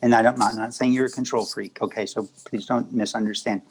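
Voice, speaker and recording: A man speaking as a guest at a spiritual gathering, answering questions in a calm, reassuring way. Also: mid-range voice, brisk, slight background noise, rough recording. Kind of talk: conversational storytelling.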